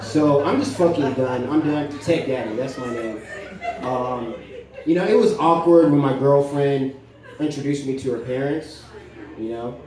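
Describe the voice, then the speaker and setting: Young man, stand-up comic, slightly high voice, deadpan and profane, echoey room, crowd laughing. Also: moderate pace, far from the mic. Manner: deadpan, profane, rambling with fillers. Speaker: stand-up comedian. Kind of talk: stand-up set. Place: comedy club stage. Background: audience laughter.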